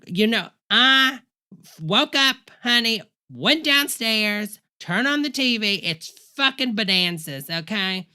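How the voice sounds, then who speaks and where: A woman voices a brassy, profane church-lady character in a comedic livestream rant. She rambles and curses, calling her viewers honey. Her voice rings bright and forceful. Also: fairly high pitch, lively intonation, slow, clear, resonant tone, exaggerated voice. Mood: outraged. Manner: profane, rambling ranting, calls listeners honey. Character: foul-mouthed, sassy female church-leader character, middle-aged.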